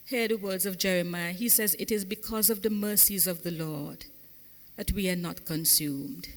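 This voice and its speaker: A woman pastor preaching a sermon, calling out to the congregation and lifting into fervent, sung phrases. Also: mid-range voice. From Saint Vincent and the Grenadines. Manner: call-and-response preaching, rising into fervent sung cadences. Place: large church sanctuary. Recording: echoey church hall.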